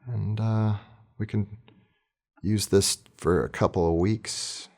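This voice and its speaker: A man's voice: lowish voice, steady tone, takes it slowly, darkish tone. A man teaching orchestra planning in a casual, chatty screen-recorded tutorial, thinking aloud as he works.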